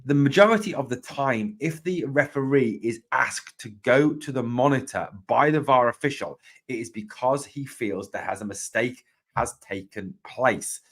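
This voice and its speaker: A man's voice: mid-range voice, moderate pace, a bit bright. A man hosting a live fan podcast, talking emphatically, repeating his points and greeting viewers by name. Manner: emphatic, repeats points, opens with "now, look"; reads viewer comments and greets them. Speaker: podcast host.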